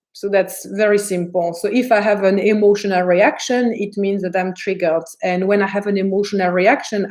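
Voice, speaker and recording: A woman spiritual teacher on a live stream, chatty and animated, answering viewers' comments and laughing as she acts out the voices in her head. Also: medium pitch.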